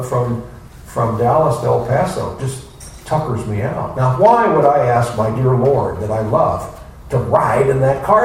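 Folksy male teacher, gravelly and animated. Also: medium pitch. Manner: folksy, rhetorical questions, acts out quotes. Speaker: spiritual teacher giving a class. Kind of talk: informal scripture class. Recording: echoey room, distant mic, faint noise.

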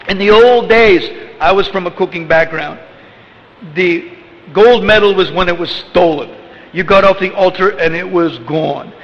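In an echoey hall, on a dull lo-fi recording with a trace of noise, a spiritual teacher delivers an informal religious talk. He's rambling and conversational, often saying "you know" and chuckling. The man's voice is high-pitched with a fairly bright tone.

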